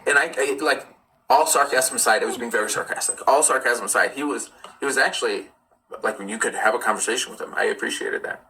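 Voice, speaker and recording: A man's voice: medium pitch, quick pace, sharp tone, low-quality recording. A young man hosting a live stream, chatting casually and telling personal stories with candid asides. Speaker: livestream host. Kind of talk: casual live chat and storytelling.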